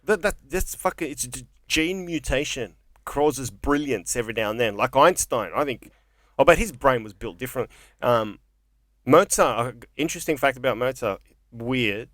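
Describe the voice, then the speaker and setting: A man trades casual, profane banter on a podcast, often cutting in with his own thoughts. His pitch moves around a lot, and he is recorded close and dry. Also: lively intonation, fairly bright tone, no echo. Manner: chatty, profane, quick to jump in.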